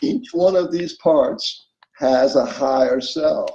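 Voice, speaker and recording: Heard in an echoey room on lo-fi audio, a man with a mellow, medium-pitched voice speaks slowly as an interview guest. He lays out spiritual self-help ideas, acts out inner voices, and keeps checking in with his listener.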